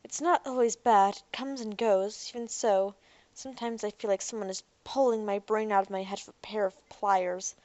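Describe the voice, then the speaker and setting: A woman voicing a sharp-tongued young woman. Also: mid-range voice, steady tone, moderate pace, dry recording, lo-fi sound, lightly acted. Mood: troubled. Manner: teasing, sarcastic.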